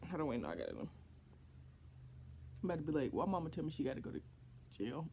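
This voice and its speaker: A young woman vlogging casually to her viewers, excitable and slangy, swinging between laughter and frustration. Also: sits low, fast, vocal fry, pauses often, husky. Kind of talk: casual vlog chat to camera.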